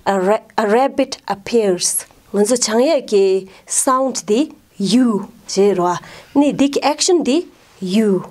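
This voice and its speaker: Slow teacher sounding out letters. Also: female voice, on the high side, darkish tone. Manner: sounds out letters slowly, then blends the word. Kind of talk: phonics lesson, slow sounding out. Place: school in Ladakh, India.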